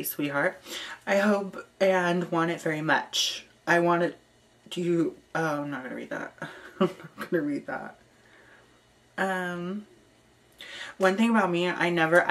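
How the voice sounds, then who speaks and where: A woman vlogging casually, reading out messages with dry, amused asides and frequent ums. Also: fairly low pitch.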